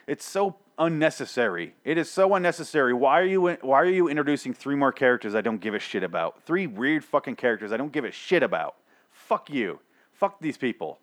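A man hosting his own podcast, ranting profanely through a solo TV episode recap with exasperated outbursts. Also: mid-range voice. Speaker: podcast host.

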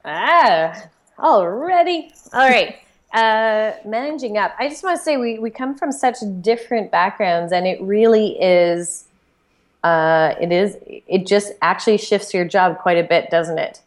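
A woman's voice: medium pitch, expressive, unhurried. A woman co-hosting a podcast, chatty and enthusiastic, with lots of filler words as she recaps. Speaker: podcast co-host. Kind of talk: casual podcast chat.

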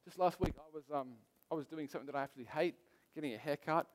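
A man's voice: a little high, racing. A man preaching a sermon as pastor, telling stories in a conversational way and repeating key phrases for emphasis. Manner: conversational storytelling with personal anecdotes; emphatic repetition.

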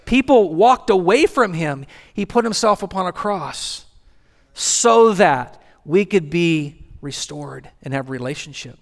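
A man preaching a sermon as pastor in a church, with rhythmic repetition and dramatic pauses. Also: high voice, expressive, gravelly. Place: church sanctuary. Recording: long church hall reverb with faint music.

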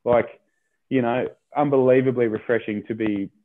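An Australian rugby player chatting casually in an interview, rambling, repeating words and often saying "mate". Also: male voice, medium pitch, fairly even intonation, moderate pace, slight background noise. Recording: tinny phone-line sound.

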